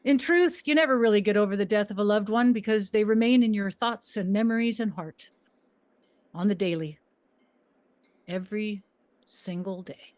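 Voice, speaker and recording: A woman reading her memoir aloud to an audience, a former teacher who tells her story theatrically, swinging her pitch and volume as she acts out her own classroom commands. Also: moderate pace, long pauses, a little mellow, no room sound. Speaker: memoir reader, former high school teacher.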